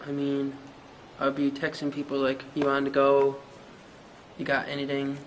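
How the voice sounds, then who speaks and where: A man's voice: mid-range voice, completely flat delivery, moderate pace, a little hiss or hum, close to an everyday voice, poor audio. A man with a Newfoundland accent playing a crude, boastful young rapper, telling a rambling, profane story in a mockumentary interview.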